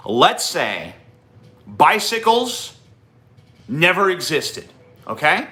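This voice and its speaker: A man's voice: on the high side, very animated, extremely slow, long pauses, pushed and bright. A man hosting a livestream, ranting profanely and combatively at his chat. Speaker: livestream host.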